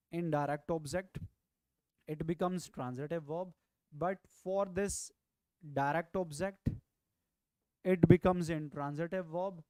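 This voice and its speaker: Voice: medium pitch, a little mellow, clean tone, no room sound. A tutor with an Indian English accent teaching a grammar lesson, explaining step by step, repeating key phrases and often checking "right?". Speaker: exam prep tutor.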